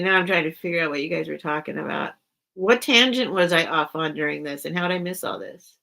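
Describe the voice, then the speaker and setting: Woman host of a live sale stream, bright, forceful tone, rambling and giggly with her chat. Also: on the low side, gravelly. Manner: rambling, chatty, often breaks off mid-sentence; apologetic and giggly with viewers. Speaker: online seller hosting a live sale stream. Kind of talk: casual livestream chat.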